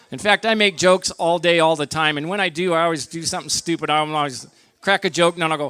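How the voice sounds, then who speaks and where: A middle-aged man doing a stand-up comedy set, telling his stories deadpan and acting out his own lines as he goes. His voice sits a little high for a man, bright and forceful. The sound is dry and close, straight into a stage mic. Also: a little fast, clean tone, dry recording. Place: comedy night at a barbecue lounge.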